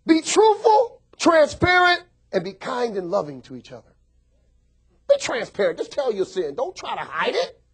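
A male pastor preaching a sermon, joking with the congregation and swinging from soft asides to shouts. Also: high voice, sing-song, normal speed, husky.

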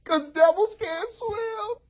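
A male pastor preaching a sermon, joking with the congregation and swinging from soft asides to shouts. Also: very high-pitched, takes it slowly, a little hiss or hum.

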